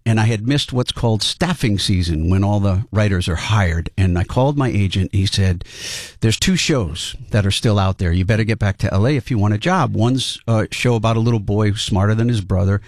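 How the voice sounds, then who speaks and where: A man's voice: lowish voice, brisk, a little mellow, no echo, studio quality. A man in his fifties from Rhode Island with a Rhode Island accent, telling stories in a casual interview. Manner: chatty anecdotal storyteller. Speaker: guest, sitcom and cartoon writer.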